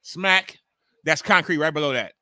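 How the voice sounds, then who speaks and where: A man in his forties hosting a wrestling watch-along live stream, reacting excitably and ranting with heavy swearing. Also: on the high side, normal speed, no echo, clean studio sound. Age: 40s.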